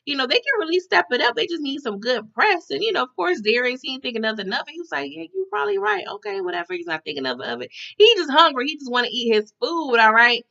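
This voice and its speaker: A woman's voice: sits high, very animated, fast, few pauses, pushed and bright, muffled recording. A woman recapping a TV episode in casual chat, often tagging her sentences with "okay?". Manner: chatty, tags lines with "okay?".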